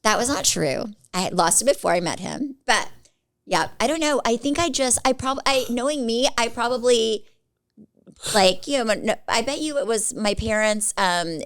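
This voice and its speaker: A woman's voice: fairly high pitch, animated, moderate pace, a bit bright. A woman in her forties co-hosting a podcast, telling stories in a casual, rambling way and leaning on "like" a lot. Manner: chatty storyteller, filler-heavy with frequent "like". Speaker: podcast co-host. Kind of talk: casual chat.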